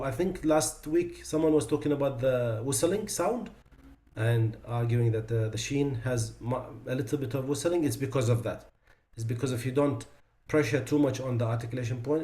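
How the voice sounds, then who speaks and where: A man's voice: medium pitch, dark tone. A man teaching a class on Quran recitation. He explains pronunciation mistakes, drawing out and repeating the sounds he models, with loose, conversational asides. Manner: explanatory, demonstrates pronunciations slowly and repeats them. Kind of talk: online class lecture.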